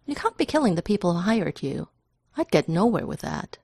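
A woman voicing a smug, sanctimonious male hired killer in an audiobook reading, pitching her voice up high and talking briskly. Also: sing-song, a little mellow, husky, no echo, studio quality, full character voice.

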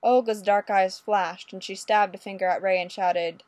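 A woman's voice: mid-range voice, steady tone, moderate pace, few pauses, darkish tone, dry recording. Woman narrating a story, dry close sound. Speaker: audiobook reader.

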